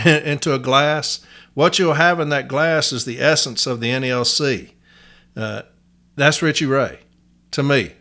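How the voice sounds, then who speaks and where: A man's voice: a little high, fairly bright tone. A man from Nashville, Tennessee, with a Southern accent, hosting a podcast in a blunt, folksy monologue. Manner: blunt, folksy, uses y'all. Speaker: podcast host.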